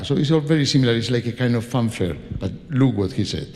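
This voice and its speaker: A man's voice: medium pitch, moderate pace. A man from Spain with a Spanish accent, a conductor addressing a concert audience, talking with frequent restarts and laughing asides. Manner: warm, hesitant, laughing asides, many restarts. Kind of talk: spoken introduction to a concert. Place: concert hall stage. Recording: long hall reverb.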